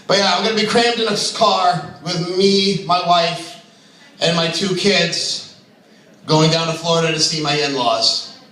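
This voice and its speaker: Brash, crude male open mic comic, high lively voice; far-off mic, very echoey room. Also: unhurried. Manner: crude, brash, laughs at his own jokes. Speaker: stand-up comedian. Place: comedy club stage.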